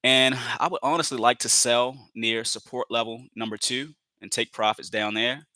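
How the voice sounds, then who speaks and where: A man's voice: medium pitch, fairly even intonation, moderate pace, sharp tone, no room sound. A man giving live commentary on his trades, repeating phrases, filling with "you know" and calling viewers family as he talks himself into staying patient.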